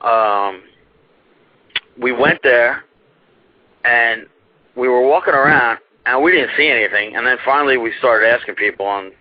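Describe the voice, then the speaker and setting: A young man with a medium-pitched voice speaks unhurriedly, pausing often, with no echo, over muffled, dry internet radio. As a talk show guest he tells a rambling, profane story about a trip, laughing at his own tale.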